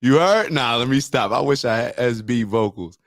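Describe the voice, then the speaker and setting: Male podcast host, casual and blunt, slangy, mid-pitched, dry studio sound. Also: normal speed, dry recording. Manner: blunt, slangy, animated, breaks into falsetto singing jokes. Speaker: morning show host. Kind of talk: casual motivational podcast talk.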